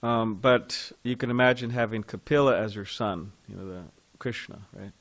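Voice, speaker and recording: A man with a slightly low voice and fairly even intonation leads a temple class on devotional scripture. Speaking casually, he stops periodically to ask his listeners questions.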